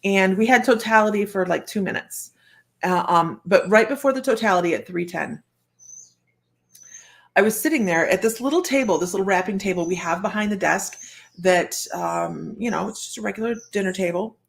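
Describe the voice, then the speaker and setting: An older woman, a psychic medium, telling a personal story in a chatty, animated way with frequent laughter. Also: medium pitch, normal speed, creaky. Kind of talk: storytelling monologue.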